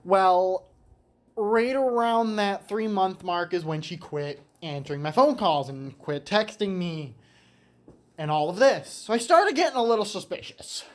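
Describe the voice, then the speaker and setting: A man's voice: high voice, animated, a little slow. A young man in his late teens tells a story in a casual monologue from a garage on a cold day. He rambles with restarts and casual swearing, and sounds slightly winded. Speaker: vlogger telling a story.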